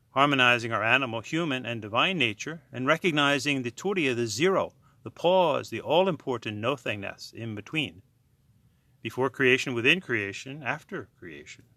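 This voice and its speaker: Male yoga instructor, calm counted cues, bright timbre, slow delivery. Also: medium pitch, no room sound. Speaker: yoga teacher. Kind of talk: guided breathing instruction.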